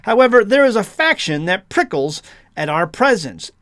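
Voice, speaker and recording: A man's voice: high-pitched, sing-song, moderate pace, fairly bright tone, no echo, studio quality. A man from the United States who hosts a homesteading channel, reading an article aloud and breaking in with sarcastic asides.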